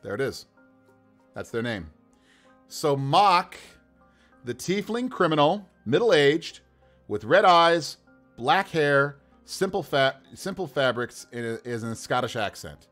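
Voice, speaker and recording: A man chatting casually on a livestream as a game master, building characters by rolling dice, animated and laughing often. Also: a little high, takes it slowly, faint music behind.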